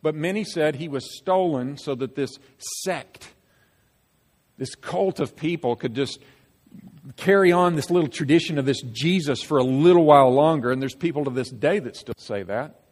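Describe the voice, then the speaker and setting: A man preaching a sermon as pastor, emphatic and animated, acting out quoted lines. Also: on the high side, normal speed. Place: church sanctuary. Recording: long reverb of a church hall.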